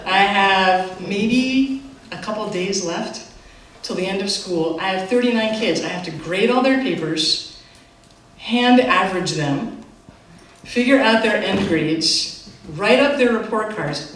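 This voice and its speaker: A middle-aged woman telling a live personal story on stage, animated and self-mocking, with quick asides. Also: fairly low pitch, slight background noise. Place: theater stage. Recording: echoey theater from far off.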